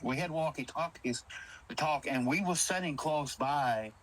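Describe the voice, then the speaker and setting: A man tells a ghost story in an animated, casual way. His voice sits a bit high for a man. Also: a little slow, rough recording. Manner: animated, Southern-inflected storytelling with quoted dialogue. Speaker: caller telling an encounter.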